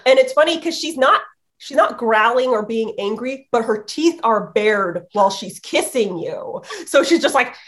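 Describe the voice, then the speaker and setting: A playful woman chatting on a casual podcast. Her voice sits fairly high and swoops with lively pitch as she tells animated stories. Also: moderate pace. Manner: animated, acts out her dog's thoughts in voices. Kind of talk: casual chat.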